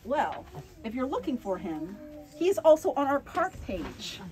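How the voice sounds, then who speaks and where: Animated woman reading to kids. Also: high voice, unhurried. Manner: playful, expressive, chats with the audience. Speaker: picture-book author reading to children. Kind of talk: animated read-aloud for kids. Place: bookstore reading event.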